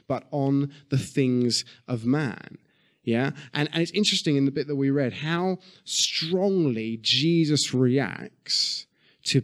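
A man preaching a sermon in a conversational way, often checking in with his listeners. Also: mid-range voice. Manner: conversational, frequent "yeah?" check-ins.

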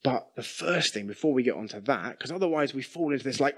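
A man's voice: mid-range voice, animated, brisk, creaky. A middle-aged man preaching a sermon in a conversational way, often asking the congregation questions.

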